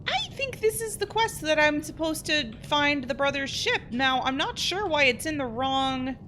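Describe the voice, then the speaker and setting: A woman commenting on her gameplay as host, chatting to the game's characters and yelping loudly when startled. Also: high voice, lively intonation, moderate pace, slight background noise. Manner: chatty, talks to game characters, startled into loud yelps. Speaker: let's play host. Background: game music and gunfire.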